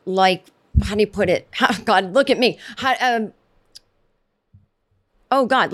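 A woman's voice: medium pitch, a bit bright. A woman hosting her own comedy podcast, talking solo in a rambling, sarcastic way with many restarts and asides. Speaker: podcast host.

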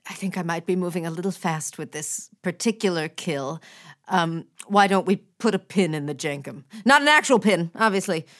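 An actress playing a sociopathic female court assassin who speaks deadpan and scolds herself aloud. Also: fairly low pitch, normal speed, dry recording, clean studio sound, close to an everyday voice. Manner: deadpan, talks herself in and out of things.

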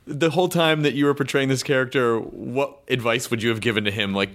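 A man's voice: medium pitch, fast talker, hardly any pauses. Chatty American man hosting a podcast. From United States. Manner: enthusiastic, chatty, swears when excited. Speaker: podcast host. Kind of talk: casual podcast interview.

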